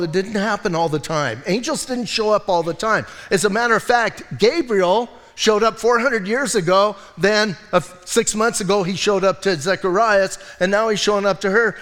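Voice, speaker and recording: A man preaching a sermon as pastor, talking in an animated, conversational way and often breaking in with "listen" and "right?". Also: high voice, big-room sound. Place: church.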